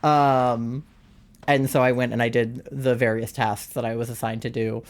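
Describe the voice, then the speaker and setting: A young adult streamer recounts a story to chat from a home setup on a desk mic. The delivery is loose and chatty, full of "like" and quick laughs. The pitch sits right in the middle. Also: flat delivery. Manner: chatty, heavy use of "like", frequent laughter. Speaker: live streamer.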